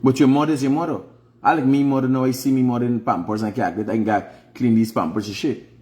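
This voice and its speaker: Middle-aged Guyanese host, mid-range voice, preachy monologue with emphatic questions. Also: male voice, medium pitch, fairly even intonation, fast. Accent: Guyanese Creole English. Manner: emphatic, lecturing, swings up into loud rhetorical questions. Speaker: online show host. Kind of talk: preachy casual livestream monologue.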